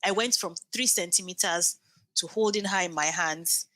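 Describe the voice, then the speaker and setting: A woman's voice: lowish voice, normal speed, no room sound. A woman in her thirties, a podcast guest, telling an emotional birth story and acting out the dialogue. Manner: animated, acts out quoted dialogue.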